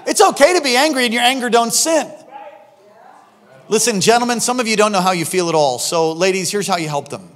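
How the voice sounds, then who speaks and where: A man preaching a sermon as pastor, animated, swinging between loud exclamations and quiet asides. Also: high-pitched, a little fast, big-room sound.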